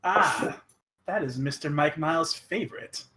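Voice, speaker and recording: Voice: medium pitch, unhurried, bright, forceful tone. A player voicing an odd, meddling time-travelling waiter, rambling and stumbling over words. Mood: puzzled. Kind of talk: improvised tabletop role-play.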